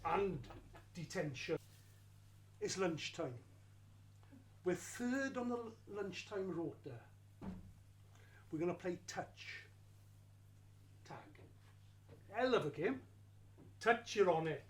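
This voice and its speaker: A man telling a lively first-person story of his school days, wry and slowing down for emphasis. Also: high-pitched. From Wales.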